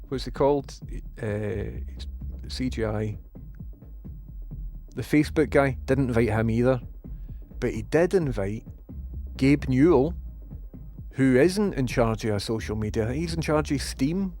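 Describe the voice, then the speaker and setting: A man's voice: mid-range voice, darkish tone. A man with a Scottish accent, ranting sarcastically and rambling as he chats to his live-stream viewers, swearing freely. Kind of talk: casual live-stream rant.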